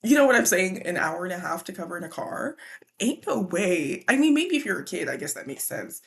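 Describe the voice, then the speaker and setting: A woman casually recapping a children's book, animated and slangy. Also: fairly low pitch, fast, creaky. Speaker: book vlogger.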